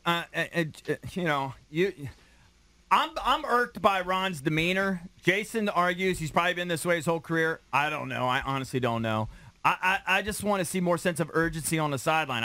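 A man's voice: high-pitched, pushed and bright, dry recording. A man hosting a sports radio show, talking casually and posing questions with a chuckle.

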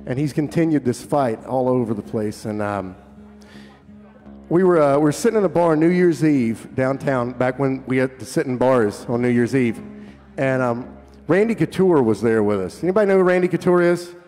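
A man's voice: mid-range voice, normal speed, a little mellow. A man, a singer-songwriter, chatting casually and joking with a live audience between songs, swearing freely. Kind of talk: casual stage banter. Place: live concert venue. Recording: live hall reverb with faint guitar.

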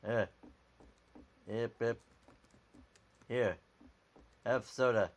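Man, unhurried gameplay commentary, medium pitch, dry offhand delivery, desk mic. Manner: offhand, dry, reads out on-screen text, keeps saying "alrighty". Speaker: gameplay video maker.

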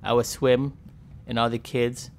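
A man's voice: mid-range voice, flat delivery, unhurried, a little mellow, a little hiss or hum, lightly acted. A man voicing a sulky young male sperm whale who mutters and complains about being teased. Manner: mopey, muttering, self-pitying. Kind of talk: playful game commentary role-play.

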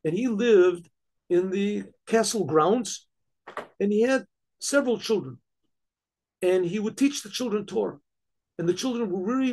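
A storyteller puts on a commanding king with a gravelly, husky voice. He speaks low and heavy, then pushes hard into loud, drawn-out orders. A dramatic storybook monarch, as a man acts him out. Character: stern commanding king, later gentle.

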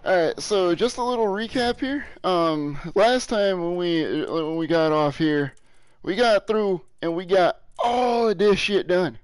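A man's voice: sits high, clean tone, no room sound, rough recording. A young man streaming a video game, rambling casually, joking and swearing freely. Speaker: gaming streamer. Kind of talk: casual live-stream commentary.

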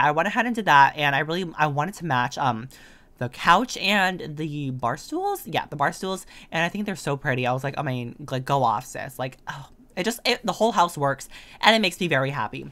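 Fast-talking sassy teenage guy. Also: fairly high pitch, pushed and bright. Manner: sassy, gushing, heavy on filler words. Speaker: gaming video creator. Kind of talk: casual voice-over chat over gameplay. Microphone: desk condenser microphone.

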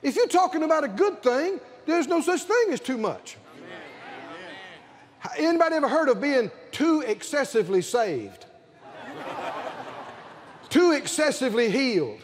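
An older man with a Southern accent preaching a sermon to a convention congregation, calling for responses and rising to shouts. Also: extremely high pitch, big pitch swings, a little slow, long pauses. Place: large convention hall with congregation.

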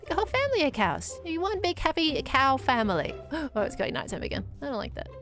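Female gameplay host, high lively voice, cutesy and excitable, music bed. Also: quick pace. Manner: bubbly, coos baby talk at animals. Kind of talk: casual gameplay commentary. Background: background music.

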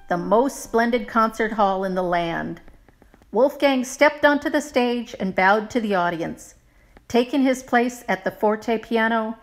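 Expressive woman reading a picture book. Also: a little high. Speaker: narrator. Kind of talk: storybook read-aloud.

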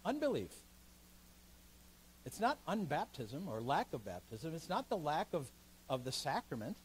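A man's voice: on the high side, unhurried, a little hiss or hum, rough recording. A man, a pastor, leading a seminar in a church meeting room, teaching emphatically and taking questions. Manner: emphatic, animated teaching that takes listeners' questions.

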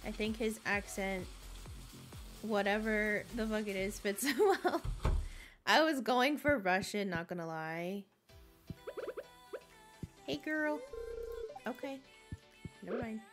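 A young woman streams a farming game, chatting casually and giggling, chatty and easily distracted. Her medium-pitched voice is animated but slow, with long pauses and music playing behind her. It's casual gaming livestream chat.

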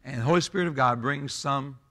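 A man over fifty, preaching a sermon in an emphatic, folksy way that swells loud. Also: medium pitch, fairly quick. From Southern US. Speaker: pastor.

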